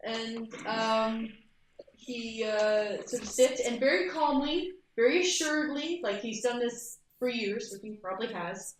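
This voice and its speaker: Woman GM, higher voice, giggly and halting, heard from a distance in an echoey room. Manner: giggly, hesitant, repeats words. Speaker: game master. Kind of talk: narrating a tabletop game.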